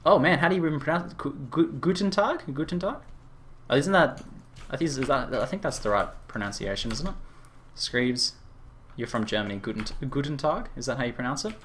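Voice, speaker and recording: A man with an Australian accent chatting casually with viewers during a live game stream, rambling with lots of fillers and quick laughs. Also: medium pitch, a bit bright, slight background noise. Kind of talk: casual live-stream chat while gaming.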